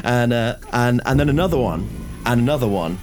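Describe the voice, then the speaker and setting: A man's voice: mid-range voice, expressive, a little fast. A man narrating a tabletop horror game as game master, with hesitations and fillers.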